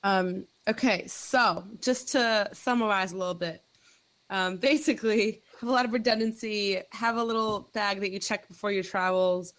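A woman's voice: medium pitch, moderate pace, fairly bright tone. A woman hosting a podcast, chatting in an upbeat way and summing up tips. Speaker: podcast host. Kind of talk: casual podcast chat.

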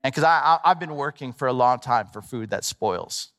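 A middle-aged male pastor preaching a sermon in a lively, conversational way with playful asides. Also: mid-range voice, moderate pace. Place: large church hall. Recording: long reverb of a large hall.

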